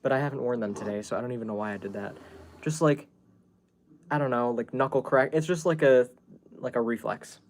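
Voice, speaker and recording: A man's voice: mid-range voice, brisk, noisy background. A man hosting a casual livestream from home, rambling to his viewers with many fillers and restarts. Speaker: YouTube livestream host.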